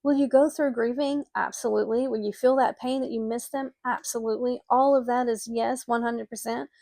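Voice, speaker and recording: A middle-aged woman with a fairly high voice tells a personal story of loss in an earnest, emotional way. She speaks directly to grieving listeners as a spiritual coach. The sound is dry and close, with no room around it. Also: fairly even intonation, fairly quick, creaky, mellow, no echo.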